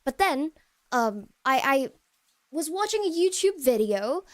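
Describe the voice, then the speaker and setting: A woman with a high, light voice chats casually with her stream audience, meandering and hesitant, full of "um"s and restarts. She often drops into soft, quiet murmurs. The sound is close and dry, with no room echo. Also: very animated, unhurried. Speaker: virtual streamer chatting with viewers. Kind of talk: casual live-stream chat.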